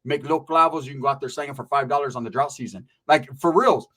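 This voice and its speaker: A man with a mid-range, fairly bright voice talks at a quick clip. As host of his channel, he recounts prison stories in a relaxed way, full of profane street slang and regular "right?" check-ins.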